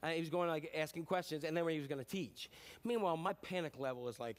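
A man's voice: fairly high pitch, fast. A middle-aged man preaching a conversational sermon as a pastor, telling stories in a chatty, self-deprecating way with many fillers.

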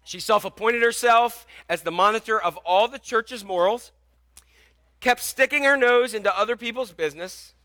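Chatty preacher with a bright high voice. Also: male voice. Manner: conversational, asks the congregation questions, tells anecdotes. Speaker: pastor. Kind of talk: sermon.

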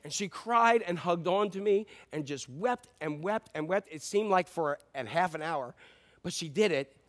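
A middle-aged male pastor preaching a sermon, telling stories in a conversational way and swinging between loud emphasis and quiet asides. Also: sits high, animated, normal speed.

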